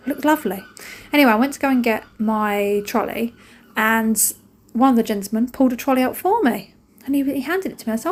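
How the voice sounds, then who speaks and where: A middle-aged woman, chatting casually in a home vlog and rambling through stories as she cleans. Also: fairly high pitch. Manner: chatty, rambling storytelling with playful quoted voices. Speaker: vlogger. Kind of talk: casual chat. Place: home kitchen and garden.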